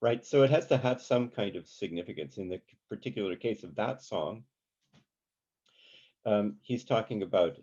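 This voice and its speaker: Male workshop teacher, deep and mellow, chatty with filler words, sings his examples; dull lo-fi recording. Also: normal speed, breathy edge. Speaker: songwriting teacher. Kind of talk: informal workshop lesson. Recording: dull lo-fi sound.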